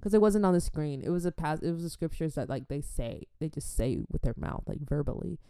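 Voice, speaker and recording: A woman vlogger in casual chat with her viewers, animated and chatty, dropping churchy exclamations. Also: low voice, fairly quick, gravelly, clear, resonant tone, no room sound, clean studio sound.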